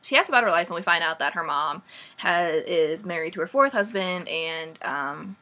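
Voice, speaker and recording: A young woman recapping a book in a casual vlog, sarcastic and animated, saying "like" a lot. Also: lowish voice, normal speed. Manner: sarcastic, says "like" often, animated. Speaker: vlogger.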